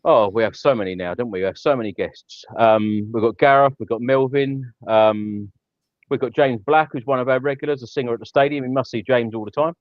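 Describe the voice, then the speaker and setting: A man's voice: mid-range voice, a little fast, no room sound. A man hosting a fan podcast, talking in a plain, sensible, self-deprecating way. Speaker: podcast host. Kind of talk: casual chat. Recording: dull lo-fi audio.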